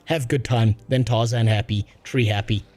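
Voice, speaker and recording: Guy putting on a deadpan jungle man, talks in broken caveman grammar. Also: medium pitch, normal speed, natural voice. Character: simple-speaking jungle man, calm and blunt.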